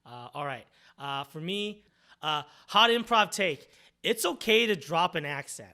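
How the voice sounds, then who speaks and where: A man hosting a casual podcast chat, animated and playful, sometimes rising into mock outrage. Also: fairly high pitch, measured pace, creaky. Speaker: podcast host.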